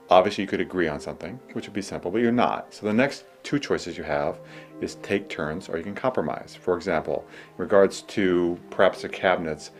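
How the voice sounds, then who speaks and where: The host, a middle-aged man whose voice sits low, runs an advice program in a soothing, unhurried manner, walking listeners through slow breaths.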